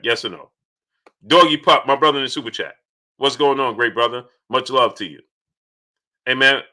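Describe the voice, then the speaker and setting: A man hosting a casual live stream, shouting out viewers by name and repeating his points in an animated way. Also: medium pitch. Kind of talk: casual live-stream chat reading super chats.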